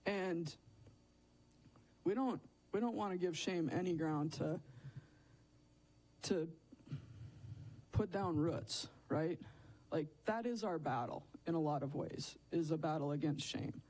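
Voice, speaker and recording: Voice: medium pitch, slow, long pauses, darkish tone, poor audio. A speaker giving a sermon at a church service in a candid, conversational way, often tagging thoughts with "right?" and "like". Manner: conversational, frequent "right?" and "like" tags; self-deprecating, candid.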